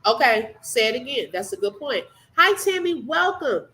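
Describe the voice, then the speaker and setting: A woman's voice: high-pitched, big pitch swings, moderate pace, pushed and bright, rough recording. A woman hosting a live reaction stream, chatting casually and thanking viewers by name. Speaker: livestream host.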